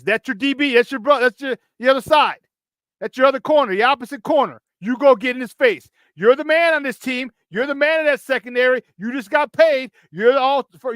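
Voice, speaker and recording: A sports talk radio host with a high-pitched, fairly bright voice delivers a heated, emphatic rant, repeating his points to hammer them home. The sound is dry and close, with no echo.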